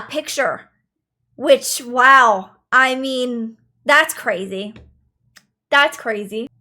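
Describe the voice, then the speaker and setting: Woman streamer, high voice, casual chatty commentary, repeats herself for emphasis. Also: bright, forceful tone. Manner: chatty, repeats phrases for emphasis, addresses chat.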